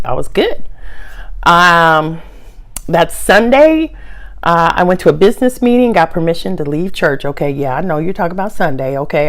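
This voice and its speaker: A middle-aged woman telling a personal story to her camera in a chatty, animated way, sometimes dropping to a hushed aside. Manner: animated, chatty, big pitch swings, drops to a hushed aside. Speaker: vlogger.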